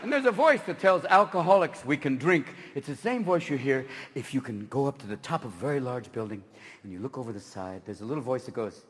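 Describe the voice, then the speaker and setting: A man from California doing a live stand-up routine on stage, talking manically and shouting as he jumps between silly voices. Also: mid-range voice, expressive, a little fast, a little hiss or hum. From Marin County, California, USA. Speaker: stand-up comedian. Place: stage in a large theater. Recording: reverberant live hall with ambience.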